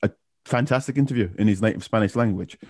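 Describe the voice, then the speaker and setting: A man telling a casual anecdote on a podcast in a relaxed storytelling way. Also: lowish voice, fast, no echo.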